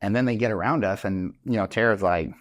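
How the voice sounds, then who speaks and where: A middle-aged man, a real estate instructor appearing as a podcast guest, talks fast in a fairly low voice on clean studio audio with no room sound. He rambles through stories in casual chat, acting out quoted dialogue and swearing along the way.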